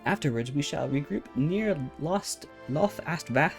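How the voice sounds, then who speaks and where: A man voicing a formal, composed young male scholar, read in a measured way. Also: fairly high pitch, lively intonation, faint music behind, voice pushed up.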